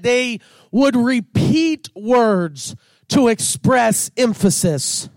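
A man delivers a sermon with fervent emphasis, often rising to shouting. His voice sits unusually high for a man, and he takes his time with each phrase. The sound is dry and close, with no room echo. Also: slow. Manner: fervent preaching that swells into shouts. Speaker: pastor.

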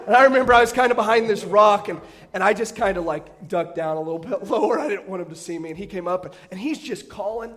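A man's voice: sits high, fast talker, a bit bright. A middle-aged man, a pastor, preaching with humorous personal stories and self-deprecating jokes, often restarting his phrases. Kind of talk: storytelling sermon.

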